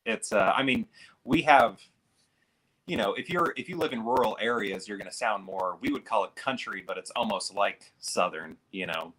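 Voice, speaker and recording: Casting: low-voiced Midwestern American man, easygoing chat guest with a forceful edge. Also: expressive, moderate pace, husky, low-quality recording. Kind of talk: casual chat.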